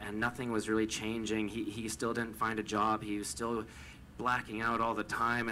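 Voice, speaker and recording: A young man from Canada telling a personal story, stammering over repeated words and swinging from hushed to loud with emotion. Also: medium pitch, slight background noise, low-quality recording.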